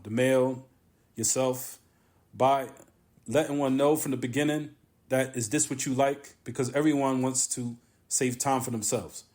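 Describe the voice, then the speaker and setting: A man with a mid-range, slightly mellow voice gives a lesson on a classical religious text in a mosque. His delivery is emphatic and repetitive, with long pauses and Arabic terms woven through the talk.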